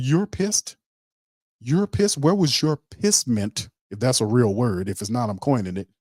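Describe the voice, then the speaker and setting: A man's voice: on the low side, darkish tone, no room sound, studio quality. A man hosting a sports show, ranting heatedly and calling on his chat to agree. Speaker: sports podcast host. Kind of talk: opinionated sports commentary.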